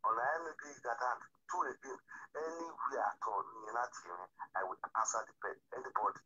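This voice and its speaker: A man's voice: mid-range voice, expressive, fast, pushed and bright, breathy edge. A man talking on a phone call, rambling and repeating himself. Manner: rambling, repeats words and restarts. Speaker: iPad owner on a phone call. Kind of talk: casual phone conversation. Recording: tinny phone line.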